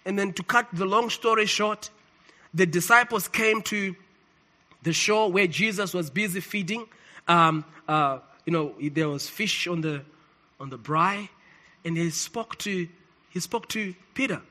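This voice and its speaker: A man preaching a sermon, emphatic and swinging between loud declarations and quiet asides. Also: sits high, lively intonation, unhurried.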